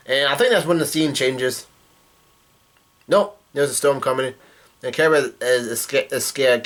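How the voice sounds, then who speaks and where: A man's voice: medium pitch, moderate pace, fairly bright tone. A man casually reading comic dialogue aloud and breaking in with profane asides. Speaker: manga reaction youtuber.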